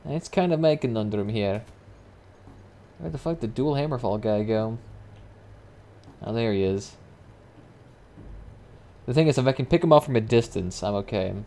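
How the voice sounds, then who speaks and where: Young man, game streamer, casual live commentary, swears a lot, excitable reactions. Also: mid-range voice, normal speed, long pauses, a little hiss or hum.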